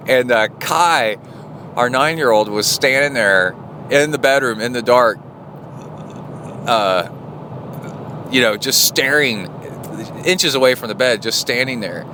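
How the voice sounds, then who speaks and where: A man's voice: mid-range voice, measured pace, long pauses, noisy background. A middle-aged man, talking casually and rambling with lots of fillers, livening up when he retells a story. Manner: rambling, with many fillers and restarts; animated when retelling stories. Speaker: podcast host and triathlon coach. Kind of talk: casual spoken diary.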